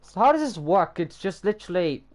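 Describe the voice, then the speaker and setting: A man's voice: high voice, very animated, fairly quick. A young man giving casual gameplay commentary while building, sweary and sarcastic, often muttering to himself. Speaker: gamer building in a block game.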